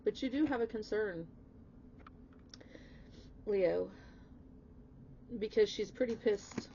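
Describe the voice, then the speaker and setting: A woman's voice: mid-range voice, slow pace, mellow, muffled recording, slight background noise. A woman giving a casual spoken tarot reading, emphatic and chatty, swearing bluntly and swinging into emotional outbursts. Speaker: tarot reader.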